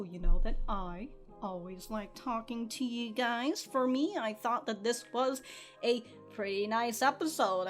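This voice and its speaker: A young woman hosting an anime reaction, chatting casually, laughing often, swearing freely and restarting her sentences. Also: mid-range voice.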